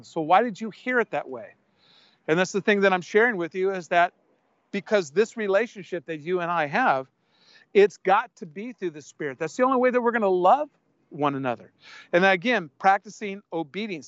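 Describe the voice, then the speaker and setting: A man's voice: high voice, lively intonation, normal speed, fairly bright tone, no echo. An older man preaching a sermon, speaking bluntly and conversationally between scripture readings. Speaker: pastor. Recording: dull lo-fi dry sound.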